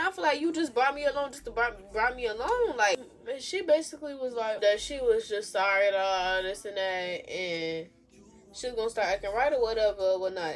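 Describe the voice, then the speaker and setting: A young woman, chatting casually as a vlogger telling a storytime, animated and sassy, swinging between loud outbursts and low mumbles.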